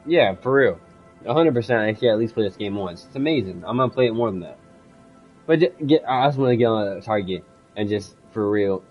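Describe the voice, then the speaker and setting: A man's voice: on the low side, expressive, a little fast, husky, highs cut off, faint music behind. A young man streaming a game, talking casually in a rambling, effusive way and swearing freely. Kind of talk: casual game livestream with read-aloud.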